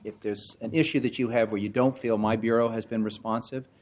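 A man with a low voice speaks as a city commissioner at a council meeting. He is polite but halting, and often restarts his phrases. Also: steady tone, a little mellow, slight background noise.

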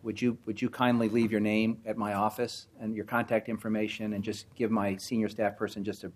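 Low-voiced man, polite and halting. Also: level tone. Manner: polite, halting, many restarts. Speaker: city commissioner at a council meeting. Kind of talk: council meeting remarks.

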